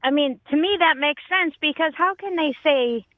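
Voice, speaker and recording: High-voiced male caller on tinny phone line. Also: moderate pace, no echo. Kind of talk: phone-in question.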